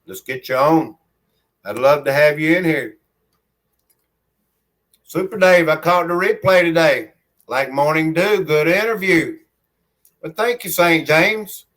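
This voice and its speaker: A man's voice: on the high side, unhurried, long pauses, fairly bright tone. A man with a Southern country accent hosting a casual livestream from his home on a phone held in his hand, reading viewer comments aloud in a rambling, friendly way and calling himself by his nickname. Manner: rambling and friendly, refers to himself in the third person. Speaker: livestream host.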